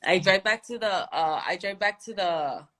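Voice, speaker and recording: A woman's voice: medium pitch, lively intonation, moderate pace, sharp tone. A woman from Phoenix in the United States, telling a story in a casual chat, laid-back and slangy, quoting what others said. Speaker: guest fighter.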